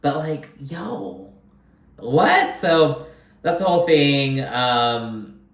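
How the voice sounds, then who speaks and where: A man's voice: fairly high pitch, very slow. A man casually recapping a reality TV episode, chatty and profane, often acting out what people said. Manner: profane, animated, chatty, often acts out quotes. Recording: echoey room.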